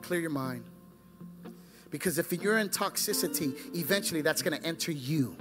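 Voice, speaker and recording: A male pastor preaching a fervent sermon, swinging between loud exclamations and hushed asides. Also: a little high, normal speed, music in the background.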